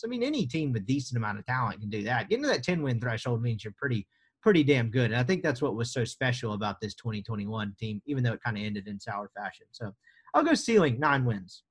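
A man's voice: medium pitch, a bit bright, slightly rough. A young adult American man hosting a sports podcast in a casual, joking, rambling way. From United States. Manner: joking, rambling, sarcastic asides. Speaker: podcast host.

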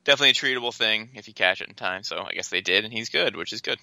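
Bright-voiced man, close and dry. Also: lowish voice, rapid-fire, creaky, dry recording, poor audio. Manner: teasing, matter-of-fact opinions. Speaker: podcast co-host. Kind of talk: casual sports chat.

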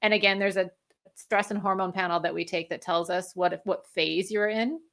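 A woman's voice: fairly low pitch, steady tone, normal speed, a bit bright. A woman guest speaking as a functional medicine practitioner, explaining in a conversational way and laughing often. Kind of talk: conversational interview.

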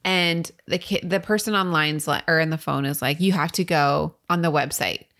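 A woman with a fairly low voice co-hosts a casual podcast chat. She tells stories with a lot of energy, laughs often and acts out what people said. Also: moderate pace. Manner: animated storytelling, laughs often, acts out quotes. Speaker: podcast co-host.

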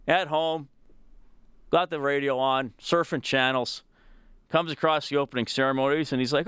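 Smooth-voiced sports radio host. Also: male voice, medium pitch, steady tone, moderate pace, a bit bright, dry recording. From Alberta, Canada. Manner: chatty, self-amused, laughs at listener texts. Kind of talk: casual radio talk. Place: radio studio. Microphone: studio microphone.

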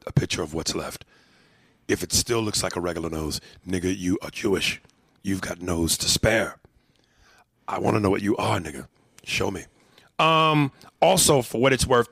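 A man's voice: low-pitched, vocal fry, fairly bright tone, no room sound, studio quality. A man hosting a podcast, talking in loose, profane, joking banter and reading out listener mail. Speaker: podcast host. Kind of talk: casual podcast chat.

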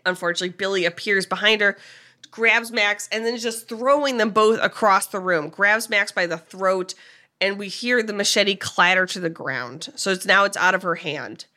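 Bright-voiced woman recapping a film. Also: medium pitch, normal speed. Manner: animated storyteller, frequent "like" and laughs. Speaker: podcast co-host.

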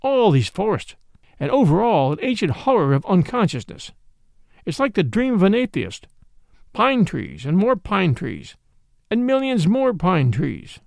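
A man's voice: high-pitched, huge pitch swings, a little slow, vocal fry, a little mellow, dry recording, clean studio sound, heavily acted. A man voicing a huge former thief turned detective, brooding and fearful, breaking into angry outbursts. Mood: agitated. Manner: brooding, bursts into fury. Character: big, tormented former-thief detective, grim.

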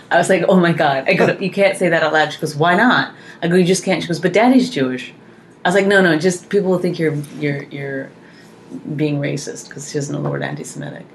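A woman co-hosting a comedy podcast, telling family stories in quick casual chat and mimicking her daughter. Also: sits low, animated, a little hiss or hum, low-quality recording.

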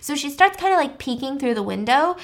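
A woman host recapping a story in a chatty, animated way with many fillers. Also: high voice, fairly quick.

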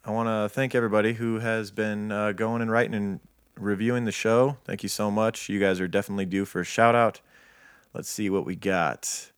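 Casual male podcast co-host, lowish pitch, dry close mic, laid-back. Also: fairly even intonation, a little fast, clean tone, no room sound. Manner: laid-back, reads listener reviews aloud.

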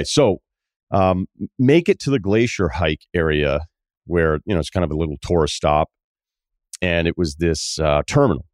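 A deep-voiced man hosts a podcast and tells a rambling travel story in a casual, animated way. He acts out the people he met, jumping up and down in pitch for their lines. His voice sounds dry and close, with no room around it. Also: no room sound. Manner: animated, acts out quoted dialogue in shifting voices. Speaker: podcast host.

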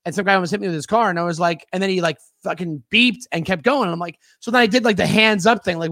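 Animated high-voiced New man. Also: quick pace, hardly any pauses, dry recording, clean studio sound. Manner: animated storyteller, swears freely, acts out quotes. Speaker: podcast host. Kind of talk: casual podcast chat.

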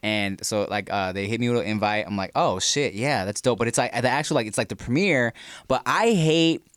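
A young man co-hosting a podcast in casual chat, rambling and swearing, quick to laugh. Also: medium pitch, fairly bright tone, no echo, studio quality. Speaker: podcast co-host.

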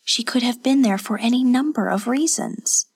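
Urgent high-voiced noblewoman, a woman putting her on. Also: normal speed, a little mellow, breathy edge. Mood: firm, gentle. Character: commanding compassionate noblewoman.

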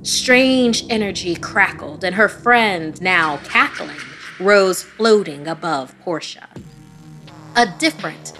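A woman giving scripted, dramatic narration of a horror story, dropping to a hush in tense moments. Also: lowish voice, animated, takes it slowly, faint music behind.

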